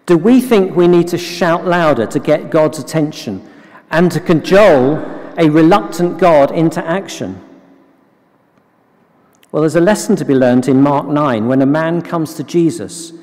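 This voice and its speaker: A man preaching a sermon in a slow, measured, earnest way, repeating key phrases. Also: on the high side, darkish tone, long reverb tail.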